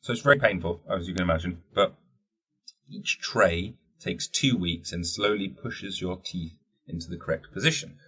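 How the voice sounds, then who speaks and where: Low, husky podcast host, rambling jokey monologue with plenty of swearing. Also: male voice, moderate pace, bright, forceful tone. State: wearing teeth-straightening trays. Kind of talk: casual solo podcast chat.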